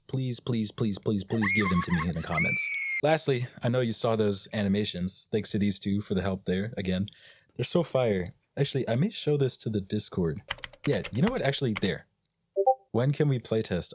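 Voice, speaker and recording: A man's voice: fairly low pitch, a little mellow. A young man narrating his game development with a joking, self-mocking manner. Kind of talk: scripted devlog narration.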